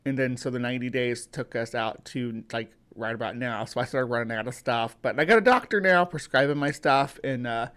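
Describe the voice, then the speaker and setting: A man's voice: mid-range voice, brisk, few pauses, fairly bright tone, clear, resonant tone. A man from the US hosting a casual livestream, greeting viewers by name and rambling with many fillers and restarts. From United States. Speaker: livestream host.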